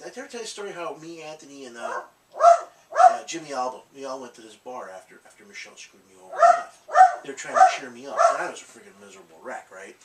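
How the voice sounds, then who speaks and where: A man's voice: on the high side, recorded from a distance. A man hosting a collectibles channel, telling rambling stories in casual chat, laughing often and swearing. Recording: echoey room, off-mic, faint noise.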